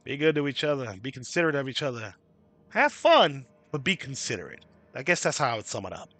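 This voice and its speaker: A man's voice: medium pitch, sing-song, fast, sharp tone, soft background music. A man hosting a casual livestream, ranting and chatting with viewers by name, cursing freely. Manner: swearing freely. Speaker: livestream host.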